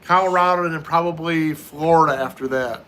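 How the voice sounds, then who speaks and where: Heavy background noise surrounds a fairly high-pitched, brisk male voice. He's a middle-aged American hosting a casual livestream, working through viewer comments by reading each aloud and replying in turn.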